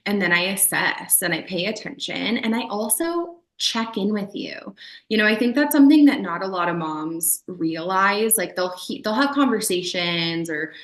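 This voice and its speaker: An animated woman talks casually as a podcast guest, slipping into quick voices for the people in her stories. Her voice sits at a middle height. The room around her gives an echoey ring. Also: mid-range voice. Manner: animated, acts out quoted voices of clients. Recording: roomy echo.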